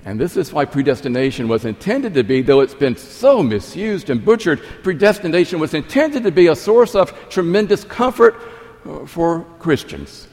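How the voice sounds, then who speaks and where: A male pastor preaching a sermon, emphatic, repeating key phrases and swinging between loud and soft. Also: on the high side, sing-song, normal speed. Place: church sanctuary. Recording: long reverb of a large hall.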